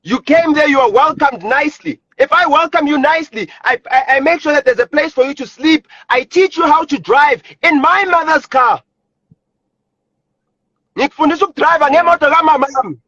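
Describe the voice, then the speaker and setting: Furious high-voiced South African man ranting. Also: moderate pace, bright, forceful tone, dry recording, dull audio. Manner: angry, repetitive, swearing. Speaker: live streamer. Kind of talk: heated rant on a live stream. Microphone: phone.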